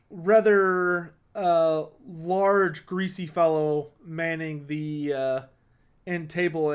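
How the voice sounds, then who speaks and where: A man narrating as game master in a tabletop game, halting with many fillers. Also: fairly high pitch, clean tone.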